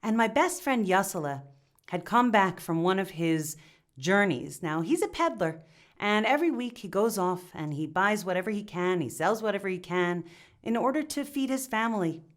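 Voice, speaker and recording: A woman voices a humble young village man confessing his guilt, earnest and remorseful, stammering and restarting as he speaks. Her voice is natural and medium-pitched, with lively intonation at normal speed.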